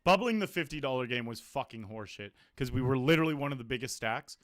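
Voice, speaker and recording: A man streaming online poker, chatting casually about his hands and results, blunt, self-mocking and quick to swear. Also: mid-range voice, expressive, a bit bright, dry recording, clean studio sound. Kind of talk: casual live-stream commentary.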